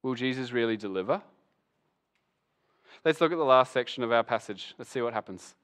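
A man preaching a sermon as pastor, animated and acting out the voices of Bible figures. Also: medium pitch, a little fast.

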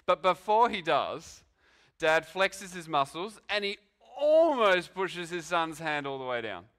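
A man's voice: on the high side, big pitch swings, a little slow, a bit bright. A man preaching a sermon, telling it as a story with dramatic rhetorical questions. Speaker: pastor.

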